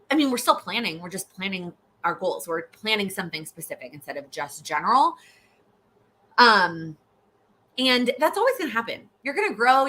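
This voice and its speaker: Woman, young adult, bright tone, casual live Q&A host, chatty with restarts and fillers. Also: medium pitch. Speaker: host, goal-setting coach. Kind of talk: live Q&A chat.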